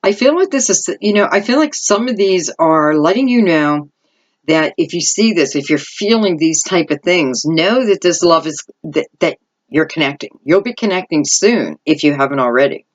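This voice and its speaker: A middle-aged woman doing intuitive tarot readings talks in a low, animated voice at normal speed. She wanders as she goes, thinking aloud and saying "I feel like" a lot.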